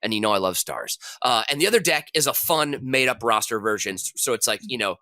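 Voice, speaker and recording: A man, a podcast contestant, pitching a game idea in casual, rambling chat. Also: lively intonation, quick pace, bright, forceful tone, no echo.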